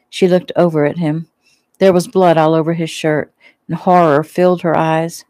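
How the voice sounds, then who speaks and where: A woman reads her own novel aloud in a relaxed, conversational style. Her voice sits low and sounds mellow and dark. The recording is close and dry. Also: moderate pace, dry recording. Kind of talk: casual audiobook reading.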